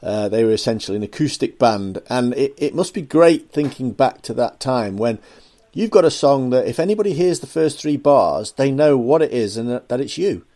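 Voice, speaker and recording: A man hosting an arts show interview, giving short agreements and leading into questions with halting restarts. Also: medium pitch, expressive, dark tone. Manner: affirming, chuckles, halting lead-ins. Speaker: radio arts show host. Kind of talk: interviewing a guest.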